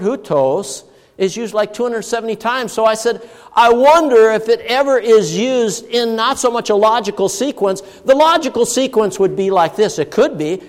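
High-voiced preacher man in a reverberant hall. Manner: emphatic, slows down to stress key words. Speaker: pastor. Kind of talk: sermon.

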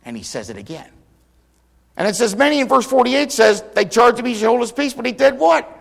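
A man preaching a sermon, retelling scripture stories dramatically and voicing the people in them, swinging from loud cries to near whispers. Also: extremely high pitch, very animated, fairly quick, gravelly. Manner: dramatic storytelling, acting out quotes with big swings in volume.

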